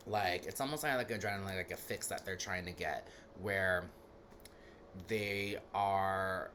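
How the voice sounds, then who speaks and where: A man's voice: deep voice, sharp tone, slight background noise. A man giving a casual, rambling talk as a spiritual teacher, full of fillers, who laughs now and then while telling stories.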